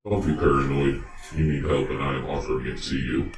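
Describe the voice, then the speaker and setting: A man voicing a creepy male fairy who calmly and persuasively offers wishes in exchange for organs. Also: a bass voice, a little fast, echoey room, faint music behind, voice pushed down, poor audio. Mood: coaxing. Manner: calm, persuasive, matter-of-fact.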